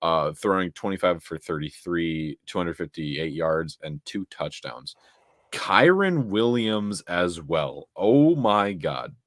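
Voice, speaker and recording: A young man with a very low, deep voice talks football in a loose, excitable way, piling up stats and laughing between points. The sound is close and dry, with no room echo. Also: takes it slowly. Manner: excitable, stat-heavy, laughs often. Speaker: co-host. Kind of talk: casual sports chat.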